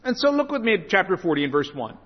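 A man's voice: high voice, sing-song, quick pace. A man preaching a sermon and explaining scripture, often stumbling and repeating words, recorded in a church. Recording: reverberant hall, dull lo-fi sound.

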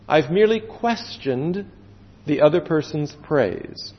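A male pastor preaches earnestly in a slightly high, very lively voice, stretching words out slowly for emphasis before dropping suddenly to quiet. The recording is dull with a long hall reverb.

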